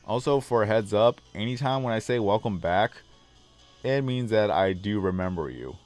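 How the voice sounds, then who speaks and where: Low baritone man, a bit hoarse. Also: animated, moderate pace, a little mellow, soft background music. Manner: rambling, talks on long tangents. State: slightly hoarse, losing his voice. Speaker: livestream host. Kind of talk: casual livestream chat with viewers. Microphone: desk microphone.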